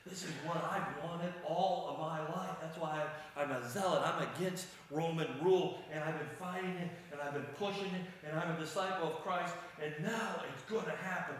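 A man's voice: a little high, fairly even intonation, moderate pace, few pauses, recorded from a distance, close to an everyday voice. A man voicing an eager, zealous male disciple who longs to overthrow foreign rule, in his own everyday voice. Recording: echoey room.

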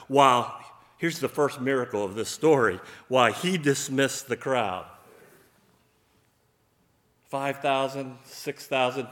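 A male preacher giving a sermon, telling the scene in an animated way and acting out its people. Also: medium pitch. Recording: echoey room.

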